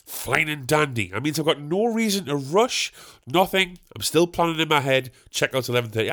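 A young man hosting a podcast, telling a comic anecdote in an animated, boastful way that builds to exasperated outbursts. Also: fairly high pitch, fairly quick. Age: young adult. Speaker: podcast host. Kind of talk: comic storytelling.

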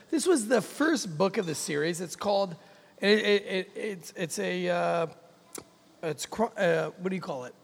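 High, lively, gravelly-voiced joking man. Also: unhurried, long reverb tail. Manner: joking, profane, stumbling restarts. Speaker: podcast host. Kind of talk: loose comedic chat.

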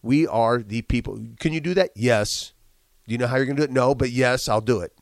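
A man's voice: mid-range voice, a little fast, dry recording. A man with a congested voice and a slight cough, telling earnest motivational stories in a casual podcast chat with frequent restarts. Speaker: guest, business owner.

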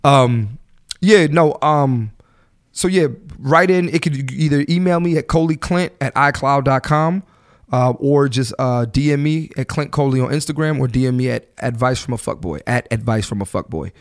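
A man in his thirties hosting a solo podcast, ranting bluntly in casual slangy talk and swearing freely, his voice jumping higher when he gets fired up. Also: moderate pace. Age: 30s. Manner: animated, voice jumps up high when fired up. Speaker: podcast host.

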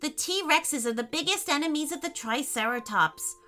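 A woman voicing a curious, excitable young boy who loves dinosaurs in a children's story. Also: moderate pace. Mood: eager. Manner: eager, high and excitable. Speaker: children's story narrator doing character voices.

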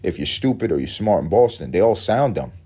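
A man's voice: low-pitched, big pitch swings, a little fast, mellow, slightly rough. A man hosting a solo podcast, musing aloud in a profane, rambling way and laughing often. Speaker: podcast host.

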